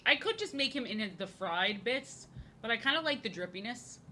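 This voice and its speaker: A woman's voice: a little high, expressive, moderate pace, sharp tone, slight background noise. A woman streaming as she draws, chatting casually in a rambling, jokey way and repeating her phrases. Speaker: live-streaming artist. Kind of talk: casual chat while drawing on stream.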